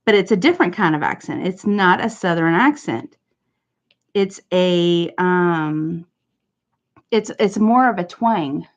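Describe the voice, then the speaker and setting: A woman's voice: on the low side, lively intonation, takes it slowly. Chatty woman streamer, muffled audio. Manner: chatty, answering viewers one by one. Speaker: livestream host. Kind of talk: casual chat.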